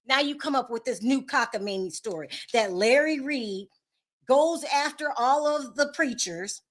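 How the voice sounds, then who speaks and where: A woman's voice: high-pitched, expressive, a little slow. A woman hosting her own channel, giving sassy, exasperated gossip commentary and often laughing in disbelief. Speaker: channel host.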